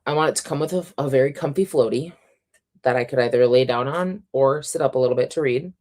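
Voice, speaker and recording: A woman hosting a casual reading livestream at home, chatty and quick to laugh, her voice a little sore and scratchy. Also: rumbling low, dark tone. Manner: chatty, reads out chat comments, laughs often. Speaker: reading sprint livestream host.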